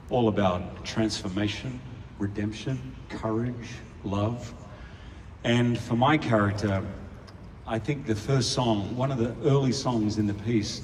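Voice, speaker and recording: A man's voice: medium pitch, a little mellow, far from the mic, slight background noise. An Australian man joking playfully with the audience between songs on a large outdoor stage. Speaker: stage performer. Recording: echoey live venue taped from the crowd. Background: orchestra and audience.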